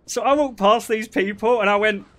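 A man's voice: sits high, moderate pace. A man, a streamer telling stories in casual chat, swearing and breaking into laughter. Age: 20s. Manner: animated storytelling, swearing and bursting into laughter.

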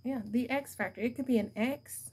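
A woman's voice: fairly high pitch, moderate pace, darkish tone, breathy edge. A young adult woman giving a casual tarot reading to her viewers, blunt and profane, laughing often as she talks. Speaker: tarot card reader.

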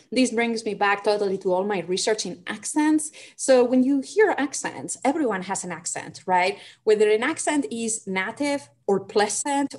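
A woman from Spain with a Spanish accent and Spanish as her first language, a psychology professor answering audience questions in an animated way and often tagging "right?". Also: on the high side. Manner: animated, frequent "right?" tags. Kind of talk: lecture Q&A answers.

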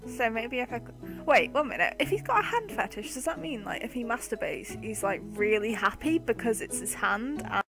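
A woman's voice: fairly high pitch, expressive, moderate pace, fairly bright tone, faint music behind. A woman co-hosting a gaming video, commenting casually in a giggly, chatty, jokey way.

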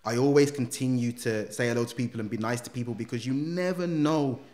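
A man's voice: mid-range voice, fairly quick, roomy sound. A man, a guest in a casual interview, telling his story with street slang and acting out the dialogue. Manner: animated storyteller who acts out quoted dialogue, street slang. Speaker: guest, former gang member turned motivational speaker.

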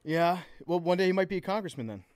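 A man's voice: sits high, lively intonation, fast talker, a little mellow, no room sound. A man co-hosting a casual podcast, chatty and teasing his co-hosts. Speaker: podcast co-host. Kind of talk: casual chat.

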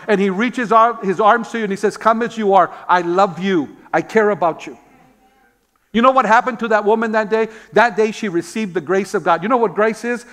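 A man's voice: sits high, a bit bright. A man preaching a sermon as pastor, telling stories, asking rhetorical questions and calling out amen. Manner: repeats words when searching for them.

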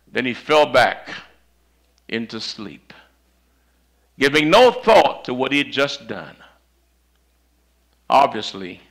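A man delivers a sermon as a dramatic story, dropping to near whispers and rising again. His voice sits high and sounds bright and lively. He speaks slowly, and his church microphone cuts in and out. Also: rough recording. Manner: dramatic, swings from loud to hushed. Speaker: preacher. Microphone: handheld or stand mic that cuts out.

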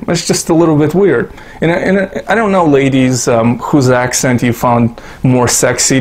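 Sarcastic, swearing YouTube commentator man. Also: mid-range voice. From Russia. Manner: sarcastic, rambling, heavy swearing, self-mocking asides. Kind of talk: profane casual commentary to camera.

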